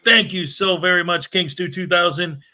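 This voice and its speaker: A man with a bright, forceful voice pitched a little high hosts a casual morning livestream. He keeps up a joking, chatty patter, greeting viewers and reading their comments aloud. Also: moderate pace. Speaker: livestream show host.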